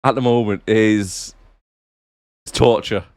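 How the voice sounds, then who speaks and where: A young man, co-hosting a casual film podcast, relaxed and often chiming in with short agreeing replies. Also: lowish voice, slow pace, dry recording. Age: young adult. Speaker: podcast co-host. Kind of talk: casual film review chat.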